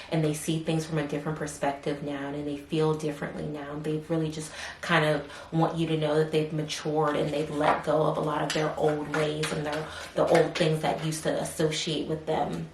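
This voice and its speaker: A woman doing a casual tarot reading, rambling with many fillers and softly murmuring questions to spirit between cards. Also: low voice, completely flat delivery, normal speed, few pauses. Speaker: tarot reader. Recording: roomy echo, faint background hiss.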